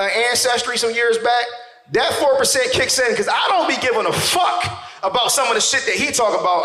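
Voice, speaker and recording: Loud, animated male stand-up comedian. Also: very high voice, roomy sound. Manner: loud, animated storytelling with acted-out voices. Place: stage in a venue with audience.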